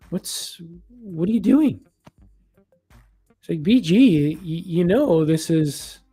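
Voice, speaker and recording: A man's voice: fairly high pitch, warm tone, husky, pitched above the performer's own voice. A man channeling a blunt male spirit guide. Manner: pressing questions, scolding.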